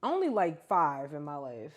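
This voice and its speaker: A woman co-hosting a podcast, chatting casually in animated, slangy banter. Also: low-pitched, moderate pace. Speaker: podcast co-host. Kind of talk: casual chat.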